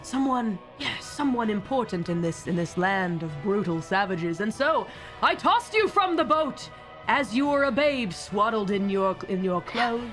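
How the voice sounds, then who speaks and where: Woman playing a pompous British mayor villain, theatrical and haughty, bright and animated. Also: mid-range voice, measured pace, soft background music. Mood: villainous.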